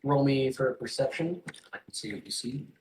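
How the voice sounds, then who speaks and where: A man's voice: mid-range voice, noisy background. Easygoing male game master. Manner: loose and halting, full of "um" and "like". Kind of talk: narrating a tabletop game.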